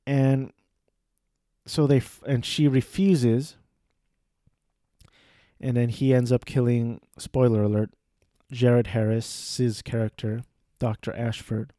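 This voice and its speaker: A man's voice: mid-range voice, steady tone, takes it slowly, pauses often, mellow, dry recording, clean studio sound. A man casually recapping a movie plot, rambling with fillers and self-corrections. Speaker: movie reviewer.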